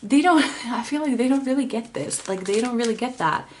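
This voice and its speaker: A woman giving a casual tarot reading to camera, rambling with many fillers and restarts and sometimes dropping to a soft whisper. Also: on the high side, lively intonation, a little fast, slight background noise. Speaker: tarot reader.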